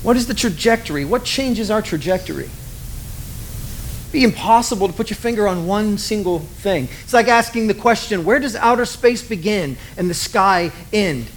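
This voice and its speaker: A man preaching a sermon, animated and self-deprecating, acting out the voices he quotes. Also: sits high, moderate pace, a little hiss or hum. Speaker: pastor.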